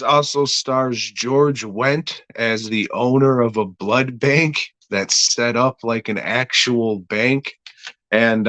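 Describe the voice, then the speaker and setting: A man's voice: fairly low pitch, pushed and bright, no echo. A man reviewing a horror episode in casual, rambling podcast talk, crude and offhand.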